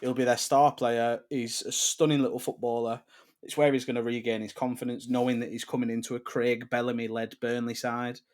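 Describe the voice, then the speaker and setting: A man's voice: medium pitch, fairly quick. A young man, co-hosting a casual football chat and ranting with swearing when riled. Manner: animated, swears, rants loudly when riled. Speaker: podcast co-host. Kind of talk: casual banter.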